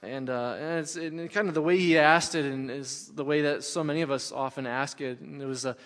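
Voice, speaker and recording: A middle-aged man, a pastor, delivers a sermon in a fairly high voice, talking as if in conversation with the congregation. He drives his points home by repeating key phrases. His voice rings out with a long reverb, as in a large sanctuary. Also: steady tone, fairly quick, a bit bright.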